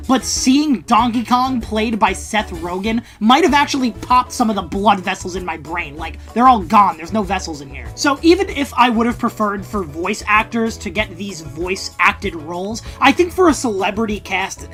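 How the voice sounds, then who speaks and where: A woman's voice: a little high, fairly bright tone. A woman reviewing a movie in a scripted video essay, casual and wry, with sarcastic asides and the odd swear word. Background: faint background music.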